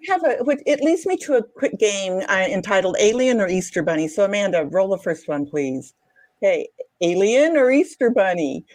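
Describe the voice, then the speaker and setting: A woman's voice: mid-range voice, expressive, fairly quick, few pauses, a little mellow, dry recording. A woman co-hosting a casual show, upbeat and giggly as she tells jokes. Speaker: co-host.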